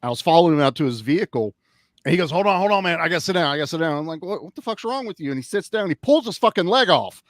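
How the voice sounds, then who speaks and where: A high-voiced man with a swooping, lively delivery, telling animated stories in a casual movie chat. He swears freely. His voice sounds dry and close. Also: very fast, dry recording. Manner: animated storyteller, swears often. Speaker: podcast co-host.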